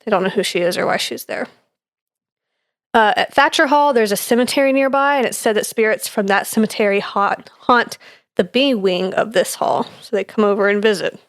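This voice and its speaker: A young woman co-hosting a casual podcast chat, working through her notes with fillers and easy laughter. Her voice sits at an ordinary middle pitch. The sound is close and dry, with no room around it. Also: moderate pace, no room sound. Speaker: podcast co-host presenting research.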